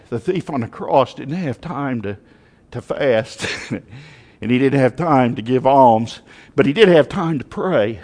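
A man preaching a sermon to his congregation, telling a story with emphatic, animated rises in his voice. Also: medium pitch, long reverb tail.

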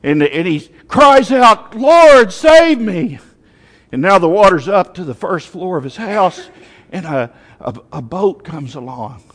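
A man preaching a sermon to his congregation, telling a story with emphatic, animated rises in his voice. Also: a little high, moderate pace, big-room sound.

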